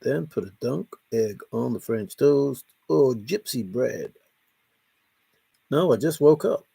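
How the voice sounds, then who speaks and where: A man's voice: mid-range voice, expressive, slow, gravelly, dark tone, husky, no room sound. A man hosting a casual late-night livestream, reading viewer comments aloud and answering them playfully. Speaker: livestream host.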